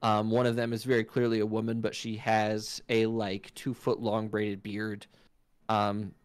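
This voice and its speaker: A man narrating as game master of a tabletop game, telling the story in an animated way and voicing sound effects aloud. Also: lowish voice, a little slow, clean tone, no echo.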